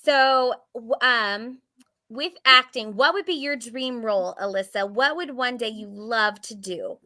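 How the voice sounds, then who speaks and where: A woman's voice: a little high, unhurried, sharp tone. A woman co-hosting a casual online interview, asking friendly, encouraging questions. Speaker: interview co-host.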